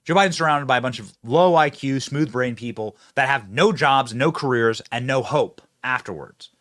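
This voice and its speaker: A man's voice: medium pitch, moderate pace, fairly bright tone, no room sound, clean studio sound. A man hosting a political commentary show, mocking and sarcastic, laughing at his own jabs. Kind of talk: fast opinionated political commentary. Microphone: close studio mic with earpiece.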